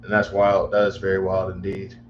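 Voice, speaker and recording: A man's voice: deep voice, completely flat delivery, brisk. A man hosting a casual livestream chat, rambling and repeating himself in exasperation. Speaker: livestream host. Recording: echoey room, dull lo-fi mic, faint hum.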